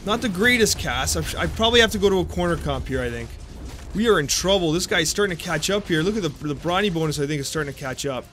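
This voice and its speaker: Man, game commentator, excitable, self-mocking, high-pitched, bright tone. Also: quick pace, hardly any pauses, a little hiss or hum. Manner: excitable, self-mocking, groans at bad plays. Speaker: gameplay commentator.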